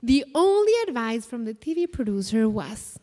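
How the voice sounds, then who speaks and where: A woman's voice: on the high side, big pitch swings, normal speed, dark tone. A middle-aged woman from Mexico City with a Mexican accent, telling a vivid, dramatic story on stage at a live storytelling event. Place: stage in a large hall. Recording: echoey live hall.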